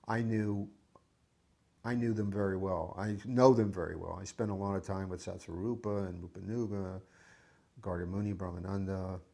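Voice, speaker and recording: A man's voice: lowish voice, gravelly, a little mellow, slightly rough. A man reminiscing in an interview, reflective and hesitant, often restarting his sentences. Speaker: devotee recalling memories.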